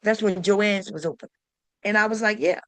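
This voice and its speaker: A woman's voice: medium pitch, steady tone, moderate pace, no echo. A woman hosting a sewing channel, telling a story to camera in a casual, emphatic way and talking straight to her viewers with exasperated rhetorical questions.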